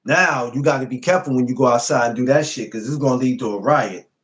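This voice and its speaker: A man's voice: mid-range voice, fast, rough recording. A man telling stories in a laid-back casual podcast chat. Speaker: podcast co-host.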